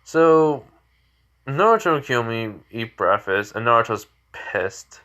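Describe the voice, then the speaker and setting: Slow, rambling male storyteller. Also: mid-range voice, animated, fairly bright tone. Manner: rambling, filler-heavy. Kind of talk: casual fan-fiction retelling.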